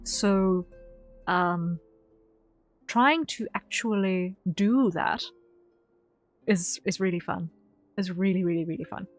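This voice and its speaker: A woman's voice: fairly low pitch, slow, pauses often. A woman streamer in casual chat with her viewers, rambling and repeating herself with lots of ums. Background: faint background music.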